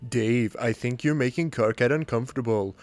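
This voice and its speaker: A man's voice: medium pitch, normal speed, faint music behind, natural voice. A man reading the lines of an earnest, somewhat awkward teenage boy, in a plain, sincere way. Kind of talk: comic reading of a webcomic.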